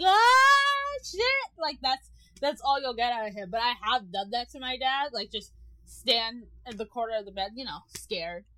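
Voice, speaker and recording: A woman's voice: on the high side, bright, forceful tone, poor audio. A young woman co-hosting a podcast, chatting casually with lots of giggles and slang. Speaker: podcast co-host. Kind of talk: casual chat.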